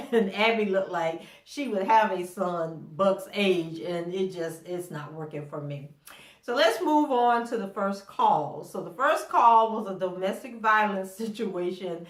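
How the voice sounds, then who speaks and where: A middle-aged woman with a mid-range voice hosts a casual TV episode recap, and the sound is reverberant. She's chatty, laughs a lot, and performs the characters' quotes herself.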